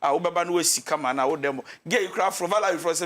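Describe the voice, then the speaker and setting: A man's voice: a little high, fast talker, hardly any pauses, a bit bright. A man with a Ghanaian accent giving marriage advice as a pastor on a talk show, switching between English and Twi and acting out the quarrels of couples. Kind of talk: animated talk-show counsel.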